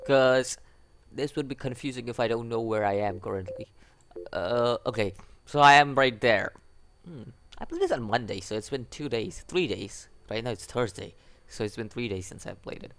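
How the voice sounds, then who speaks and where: A man's voice: mid-range voice, expressive, normal speed, a bit bright. A man giving casual let's-play commentary on a visual novel, chatty and self-mocking, laughing at himself as he reads. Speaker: gaming video creator.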